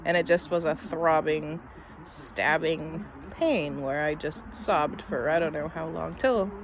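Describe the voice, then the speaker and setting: A middle-aged woman telling a personal story in a casual, rambling way, full of "um" and "I mean", often trailing off softly at the end of her thoughts. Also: deep voice, slow, background noise. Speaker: vlogger.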